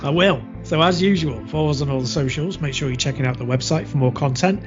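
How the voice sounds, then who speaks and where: A man's voice: fairly high pitch, quick pace, music in the background. A man co-hosting a gaming podcast in casual chat, laughing easily. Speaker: podcast co-host. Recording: dull lo-fi podcast audio.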